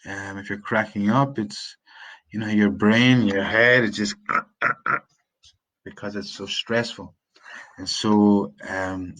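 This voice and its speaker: A man with a Scottish accent giving an unscripted live-stream English lesson, chatting with hesitant restarts and slowing down for his examples. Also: low-pitched, poor audio. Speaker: English teacher.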